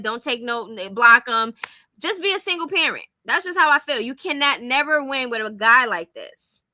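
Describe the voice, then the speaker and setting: High, bright-voiced outspoken young woman. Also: no echo. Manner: blunt, opinionated, speaks directly to viewers. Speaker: commentary streamer. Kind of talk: casual commentary on celebrity gossip.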